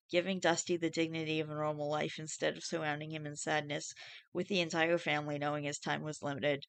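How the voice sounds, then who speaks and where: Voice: medium pitch, a bit bright, no echo. A young adult YouTuber reading Reddit posts aloud and reacting in a rambling, chatty way, full of fillers and casual swearing.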